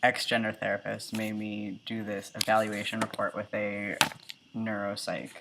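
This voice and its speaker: A man's voice: on the low side, little pitch movement, normal speed, vocal fry, noisy background. A man in his early twenties talking casually in a video diary, chatty and full of ums and likes. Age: 20s. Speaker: vlogger.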